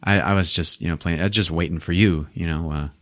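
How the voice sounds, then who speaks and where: A man voicing a nervous young man who stammers and trails off quietly. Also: sits low, steady tone, a little fast, voice pushed down. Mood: timid.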